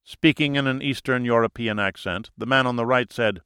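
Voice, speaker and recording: A man narrating a thriller audiobook in a measured, dramatic storytelling manner. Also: medium pitch, pushed and bright, smooth, no echo, clean studio sound.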